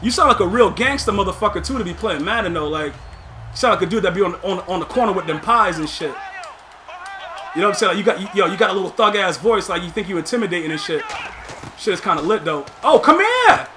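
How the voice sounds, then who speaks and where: A man giving casual, slangy live commentary over a video game, excitable and mocking, laughing often. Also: high voice, quick pace, noisy background. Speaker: gaming YouTuber.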